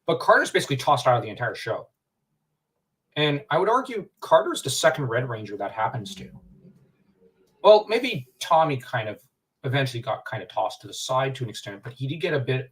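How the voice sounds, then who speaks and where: A man's voice: medium pitch, normal speed. Rambling man, a bit off-mic. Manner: animated, rambling, many fillers and restarts. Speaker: livestream co-host. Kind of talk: casual fan discussion. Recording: distant from the mic.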